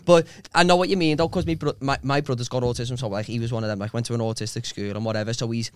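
Fast-talking Liverpool man, crisp and dry. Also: mid-range voice, fairly even intonation, no room sound. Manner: rambling, laughing storyteller with local slang. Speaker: podcast co-host. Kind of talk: casual chat.

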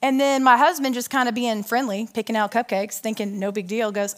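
A woman in her thirties preaches from a stage in a chatty, animated way, weaving personal stories into her message. Her voice sits a little high, and she keeps turning to the audience with questions. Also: fairly quick, few pauses. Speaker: women's ministry speaker. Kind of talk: conversational sermon with storytelling.

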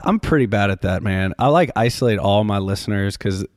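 A male priest from Louisiana talking in a casual interview, telling stories in an animated way and jumping his pitch up for quoted voices. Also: fairly quick, no room sound, studio quality. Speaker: Catholic priest, podcaster.

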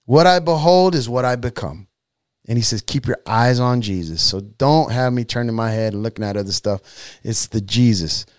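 A man's voice: mid-range voice, expressive, normal speed, dry recording, studio quality. A man preaching a sermon, impassioned and street-casual, repeating lines for emphasis.

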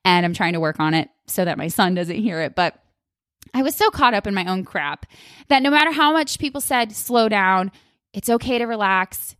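In this clean studio recording with no echo, a woman's mid-range voice carries her solo podcast. She's the host, chatting casually and candidly, addressing listeners as "you guys," swearing offhandedly, and dramatizing thoughts she once had.

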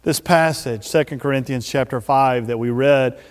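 A man preaching a sermon as pastor, emphatic, with slow drawn-out stresses. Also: medium pitch, clean tone, long reverb tail.

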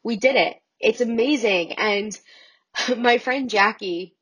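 A young woman hosting a casual solo podcast, chatty and excited, a little sick with her voice cracking. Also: a little high, takes it slowly, breathy edge, low-quality recording. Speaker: podcast host.

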